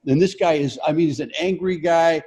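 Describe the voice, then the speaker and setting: An older man swaps stories in a loose comedians' chat. His voice sits a little high, and he jumps from halting restarts into lively acted-out quotes. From Colorado. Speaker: guest comedian. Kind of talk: casual chat.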